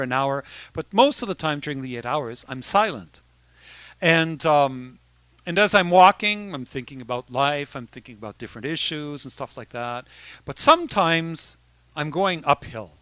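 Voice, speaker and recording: Man, bishop, relaxed talk to teens, bright tone, dry close sound, chatty restarts. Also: a little high, dry recording. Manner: conversational, with many restarts and asides. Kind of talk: informal talk to youth.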